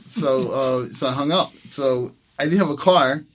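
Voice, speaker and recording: A jazz trumpet player shares a casual anecdote during an interview, speaking slowly in a mid-range voice. He's animated, acts out the quoted dialogue, and laughs often.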